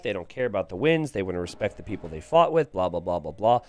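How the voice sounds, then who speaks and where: A man's voice: on the low side, fast, hardly any pauses. A man commentating a strategy game live on stream and reading the chat aloud. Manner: animated, reads viewer chat aloud.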